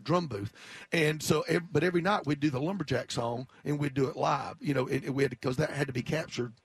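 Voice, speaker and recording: A man's voice: on the high side, fast, husky, no echo. A man who is a guest on a talk radio show, telling long stories and repeating words as he goes. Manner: rambling, repeats words, laughs through his story. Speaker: guest musician. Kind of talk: storytelling in a radio talk interview.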